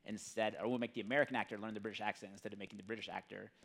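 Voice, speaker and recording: A man's voice: lowish voice, fairly even intonation, very fast, creaky, a bit bright, slightly rough. A man hosting a casual book-club podcast, talking in a rambling, jokey way with lots of fillers. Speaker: podcast host.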